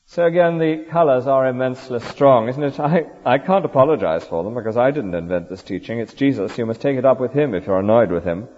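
A man's voice: medium pitch, lively intonation, fairly quick, hardly any pauses, a little mellow. A man preaching a sermon in an earnest, rhetorical way, often ending points with tag questions. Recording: dull lo-fi recording with long hall reverb.

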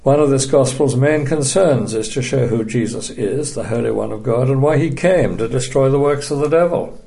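Creaky-voiced man giving a Bible study. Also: mid-range voice, warm tone. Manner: measured, emphatic, dryly dismissive. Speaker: Bible teacher. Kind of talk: recorded Bible study lecture.

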